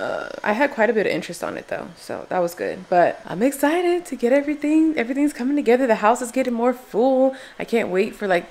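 A young woman, casually vlogging at home and gushing excitedly over her daughter's toys, sometimes dropping to a whisper. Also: a little high. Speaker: vlogger and mom. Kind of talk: casual vlog chat. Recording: loud background noise.

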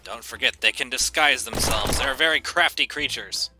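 A man giving goofy, excitable gameplay commentary, breaking into shouted bits. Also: medium pitch, moderate pace, noisy background. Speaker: gaming YouTuber. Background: game music.

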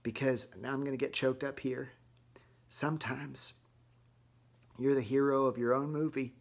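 A man's voice: mid-range voice, close to an everyday voice. A man playing a sugary mom vlogger. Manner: chirpy, sweet, folksy, with casual deadpan dark asides. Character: sugary Southern mom vlogger woman, middle-aged, eerie. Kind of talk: comedic vlog monologue to camera.

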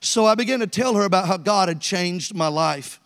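A man's voice: high-pitched, normal speed, a bit bright, in a large hall. A man, preaching a sermon as an evangelist and telling stories while calling out to the congregation. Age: 60s. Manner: storytelling preacher, calls to the congregation. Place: church sanctuary.

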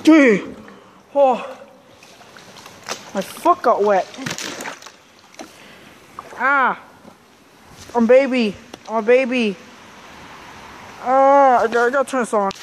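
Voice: mid-range voice, slow, pauses often, slight background noise. A vlogger nervously narrating a casual exploration inside a wet, icy tunnel, hesitant and full of fillers. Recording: loud music over the voice.

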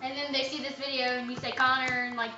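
A woman's voice: high-pitched, level tone, quick pace, sharp tone. A teenage girl chatting casually with a friend, giggly and teasing, often talking over her. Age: teens. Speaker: co-host. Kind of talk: casual chat. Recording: dull lo-fi mic in an echoey room with music behind.

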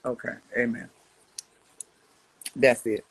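A woman in her seventies delivering a profane trash-talking response rant to a rival. She is brash and mocking, and swings between low mutters and loud jabs. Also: fairly even intonation, slow pace, husky, no room sound, poor audio. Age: 70s. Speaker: social media personality answering a rival.

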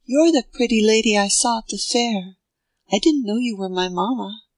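A little boy, solemn and sleepy, speaks earnestly and gently in a high, small voice, as a woman reading the story puts him on. The sound is dry and close, with no room around it. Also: normal speed, no room sound, close to an everyday voice.

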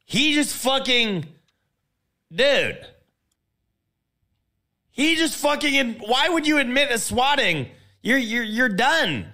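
A man's voice: very high voice, sing-song, takes it slowly, pauses often, sharp tone. A man in a played clip, ranting in an agitated, mocking way with stammering restarts. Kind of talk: ranting commentary.

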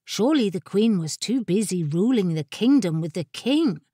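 A woman narrating a fantasy audiobook in a measured, expressive way. Her voice sits at a middle pitch. The recording is dry and close, with no room sound. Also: husky, no room sound. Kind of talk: scripted narration.

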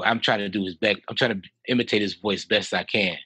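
A man's voice: lowish voice, a little fast, few pauses, slightly rough, no room sound. A middle-aged man from Chicago, a podcast guest telling casual stories and acting out the people he quotes. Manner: animated storyteller who acts out quoted people. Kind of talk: casual storytelling interview.

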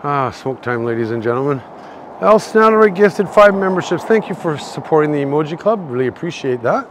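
Here a slightly drunk Canadian guide, Canadian accent and all, walks an outdoor city shopping street on a live stream, rambling and chatting with viewers in chat. His voice runs on the high side with lively intonation and a brisk pace, over a little hiss or hum.

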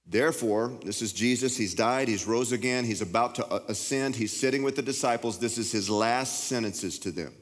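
A man with a Texan accent preaching a sermon as pastor, with emphatic, impassioned delivery that jumps up in pitch when he gets revved up. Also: moderate pace, hardly any pauses. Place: large church hall. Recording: reverberant church hall.

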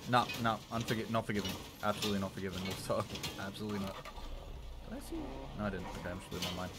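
Young man, live game streamer, excitable yelps and mutters, fairly low voice, noisy recording. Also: rapid-fire. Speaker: livestreamer. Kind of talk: live gameplay commentary. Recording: noisy home stream mic with key clicks.

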